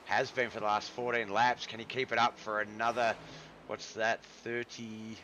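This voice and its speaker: A man with a lowish voice calls a race on a live stream in a loose, chatty way. He breaks off to greet viewers and read out their messages. A faint hum of noise sits under his voice. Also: level tone, moderate pace. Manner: chatty, reads out viewer chat and calls people brother. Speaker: stream host and race commentator. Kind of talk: casual live-stream sim racing commentary.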